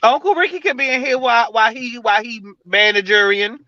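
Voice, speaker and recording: A man's voice: very high voice, quick pace, sharp tone, dry recording. A man joining a live show as a guest over a video call, laid-back and joking in sassy banter. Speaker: guest co-host. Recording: dry, muffled video call audio.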